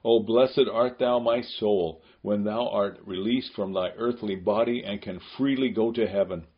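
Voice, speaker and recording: A man giving a scripted devotional reading in a solemn, measured, prayerful way, on a dull lo-fi recording. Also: on the low side.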